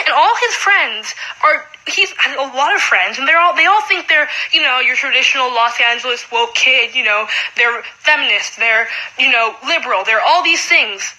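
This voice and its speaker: A young woman in her late teens, a high school student, venting in a casual vlog with frustrated talk full of "like.". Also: animated, normal speed, bright, forceful tone, rough recording.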